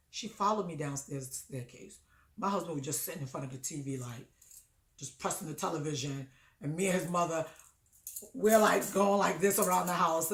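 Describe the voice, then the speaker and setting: A woman hosting an advice show, telling a personal story in a conversational, animated way that lifts high when she quotes herself. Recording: echoey room.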